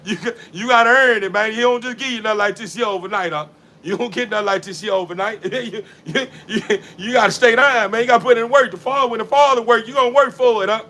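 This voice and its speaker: High, bright-voiced man laughing between lines. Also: fast. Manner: laughing, repetitive, preachy street talk. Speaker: dog breeder. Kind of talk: casual vlog while bathing a dog. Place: outdoors in a yard.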